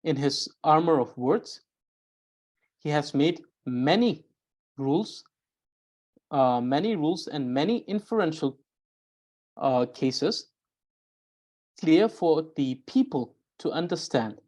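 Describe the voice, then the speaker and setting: A woman teaching a grammar lesson, explaining carefully and often pausing with "uh" to restart a phrase. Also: low voice, animated, a little mellow. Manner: explains slowly with frequent "uh" pauses and restarts; reads out example sentences. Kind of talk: recorded language lesson.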